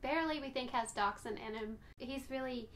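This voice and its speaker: Chatty high-voiced woman talking about her dogs. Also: normal speed, a bit bright, a little hiss or hum. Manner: chatty, affectionate, rambling, coos at her dogs. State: out of breath. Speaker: vlogger showing her dogs. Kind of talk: casual chat to camera.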